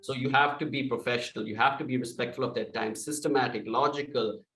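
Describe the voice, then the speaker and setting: A man coaching salespeople, speaking loudly and with energy and acting out sample calls. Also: mid-range voice, steady tone, quick pace, reverberant, recorded from a distance, over music, low-quality recording. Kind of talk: sales training talk.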